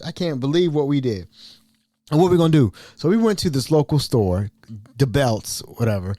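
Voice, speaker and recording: A man's voice: a little high, fairly quick, dry recording, clean studio sound. A man from Ohio hosting a podcast, telling old stories in a casual, chatty way with frequent laughs. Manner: animated, laughing often, chatty. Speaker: podcast host. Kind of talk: casual storytelling.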